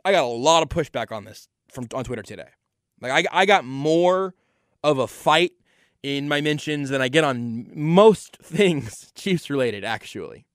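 A man's voice: mid-range voice, animated, a little slow, dry recording, clean studio sound. A man hosting a sports podcast, giving an opinionated solo analysis and repeating words for emphasis. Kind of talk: solo football analysis monologue.

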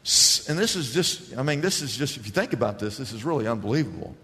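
A man's voice: mid-range voice, big pitch swings, fast talker, bright, forceful tone. A man preaching a sermon in a church, emphatic and calling for responses from the congregation, stretching out key words. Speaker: pastor. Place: church sanctuary. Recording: church hall reverb.

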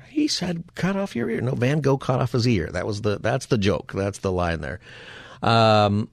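Man, radio talk host, low voice, dry studio sound, wry and rambling, folksy asides. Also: no room sound. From Southern California.

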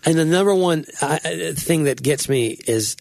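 A pastor co-hosting a casual chat, talking in animated quick bursts and laughing easily. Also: male voice, fairly high pitch, creaky, no room sound. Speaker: pastor, podcast co-host.

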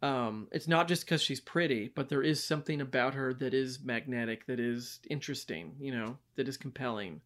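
A man co-hosting a casual film podcast, animated and laughing often as he talks about movies. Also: mid-range voice, moderate pace, few pauses. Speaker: podcast co-host. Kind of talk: casual movie review chat.

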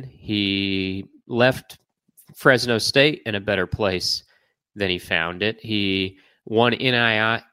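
A lower-voiced man hosting a casual sports podcast, chatty and lively, often breaking into laughter. The sound is dry and close to the mic. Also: clean tone, no room sound. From American Midwest. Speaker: podcast host.

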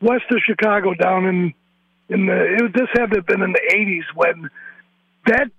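A man's voice: high-pitched, moderate pace, gravelly, husky, no room sound, dull audio. A man calling into a radio show, telling a hesitant, rambling story with many fillers. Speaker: caller. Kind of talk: phone-in call.

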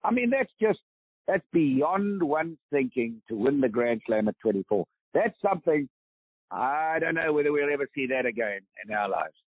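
A man's voice: mid-range voice, expressive, normal speed, no room sound. Man, 80s, South African accent, emphatic interview guest; dry, phone-quality sound. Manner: emphatic, preaching. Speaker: guest, veteran golfer. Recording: tinny phone line, dry.

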